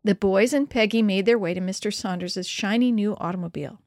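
A woman's voice: mid-range voice, brisk, a little mellow, dry recording. Woman reading a story, dry and close. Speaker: narrator.

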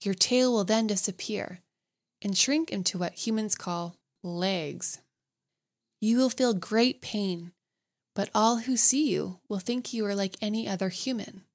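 A scornful old sea witch who bargains and warns in a storybook tale, read aloud by a woman. She speaks in an even middle pitch, mocking and ominous rather than loud.

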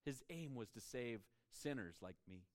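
A man's voice: mid-range voice, lively intonation, moderate pace, no room sound, clean studio sound. A man preaching a sermon as a pastor, emphatic and prone to stumbling over repeated words as he starts each point.

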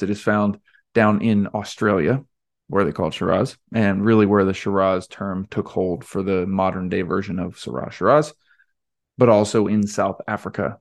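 A young man hosting a casual solo podcast, rambling and self-deprecating with lots of fillers. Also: fairly low pitch. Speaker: podcast host.

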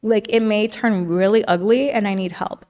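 A young woman on a podcast shares her story openly and casually, her medium-pitched voice steady, moderately paced and a little mellow. She leans on "like" and "you know" a lot and acts out the things people said.

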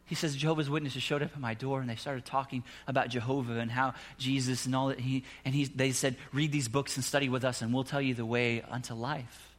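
A middle-aged pastor preaches a sermon in a medium-pitched voice, speaking fairly quickly with few pauses. He tells a personal story with animated, rising emphasis, then closes in a soft prayer.

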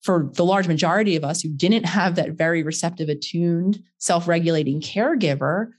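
A woman hosting a podcast asks long, thoughtful questions, slowly searching for the right words. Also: on the low side, husky. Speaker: podcast host. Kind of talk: interview questions.

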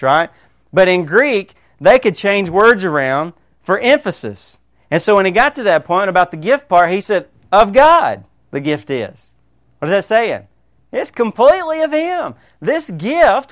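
A man's voice: fairly high pitch, fairly bright tone, clean tone, dry recording, studio quality. A man preaching a sermon as pastor, emphatic and fond of asking his listeners questions.

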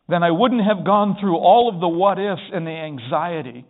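A man's voice: high voice, normal speed, few pauses. A man preaching a sermon, retelling a story and rising into emphatic, pleading bursts. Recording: tinny phone-like sound.

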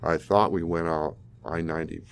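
A man's voice: sits low, steady tone, moderate pace, clean tone. A man in his sixties from South Dakota, telling a vivid personal story with an occasional chuckle. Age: 60s. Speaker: flood survivor interviewee.

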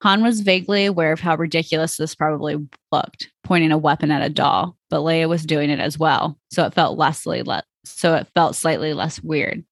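A woman's voice: low voice, normal speed, vocal fry, hardly any pauses, no room sound. A woman podcast host reading fan fiction aloud in a plain storytelling voice, with small stumbles.

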